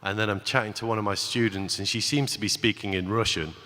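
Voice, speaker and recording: A man with a fairly low voice tells a rambling personal story from a conference stage, often stopping to restart his sentences and acting out what people said. His voice carries into a large hall with a long, trailing reverb, picked up by a stage microphone. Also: fairly even intonation, fast, sharp tone. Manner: chatty, with many restarts and acted-out quotes. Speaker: conference speaker.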